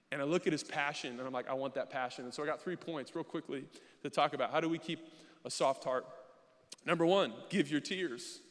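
A male pastor giving an animated sermon, mixing casual asides with loud acted-out bursts. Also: a little high, fairly quick, big-room sound. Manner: animated preaching with sudden loud mimicking bursts.

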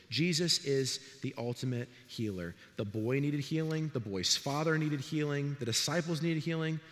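A man's voice: mid-range voice, big-room sound. A middle-aged man, a pastor, preaching a sermon in a church and telling stories with acted-out voices. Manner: animated storytelling, acts out voices. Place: church sanctuary.

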